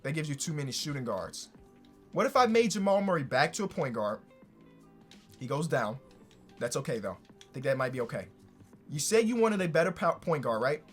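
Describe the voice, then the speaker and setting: Excitable young man commentating gameplay. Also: a little high, brisk, long pauses, faint music behind. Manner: excitable, shouts when thrilled, casual slang. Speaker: gaming YouTuber.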